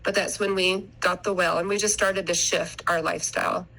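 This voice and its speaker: A woman's voice: on the low side, fairly even intonation, normal speed, creaky, pushed and bright, rough recording. A middle-aged woman guest on a podcast, telling her family story in an earnest, rambling way and often restarting her sentences. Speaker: podcast guest, mother of three. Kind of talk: casual interview storytelling.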